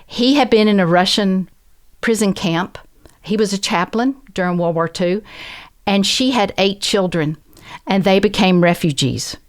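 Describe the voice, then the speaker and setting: A Southern American woman, appearing as a guest, tells a personal story conversationally, earnest and reflective yet animated, voicing the people she quotes. Her mid-range voice moves a little slowly.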